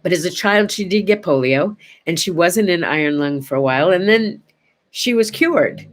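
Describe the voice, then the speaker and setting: An older woman hosting a casual morning chat show, talking chattily to her viewers and going soft on sad memories. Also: fairly low pitch, lively intonation, moderate pace. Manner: chatty, warm-hearted, goes quiet and soft on sad memories. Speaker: host.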